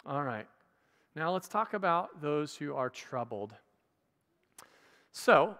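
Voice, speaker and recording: A man's voice: high-pitched, fairly bright tone. A man preaching a sermon as pastor, teaching conversationally with playful asides to the congregation. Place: church hall. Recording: church livestream with long reverb.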